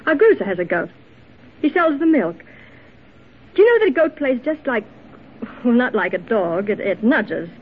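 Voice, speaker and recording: A timid young wife, tinny radio. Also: female voice, on the high side, big pitch swings, moderate pace, long pauses, breathy edge. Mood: whimsical. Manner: soft, hesitant and emotional. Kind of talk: 1940s radio acting. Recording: tinny, narrow old radio recording.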